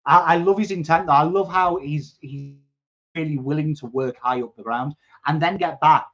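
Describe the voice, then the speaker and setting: English guy with a coarse voice, chatty and excitable live footy watchalong, bit high, muffled stream sound. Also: normal speed. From England. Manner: chatty, excitable, swears, bursts into shouts at play. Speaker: watchalong host. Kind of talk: live football watchalong chat, reading viewer comments. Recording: dull lo-fi stream audio.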